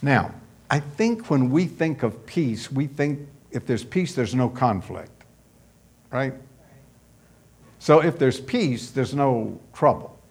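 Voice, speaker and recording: Slow-speaking male preacher. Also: mid-range voice, sing-song, a little mellow, breathy edge. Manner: measured, storytelling delivery. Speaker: pastor. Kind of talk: sermon.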